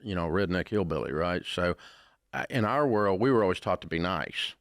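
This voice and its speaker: A man's voice: sits low, normal speed, no echo, studio quality. An older man with a Southern American accent, answering interview questions with folksy, blunt storytelling. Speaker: radio host, interviewee.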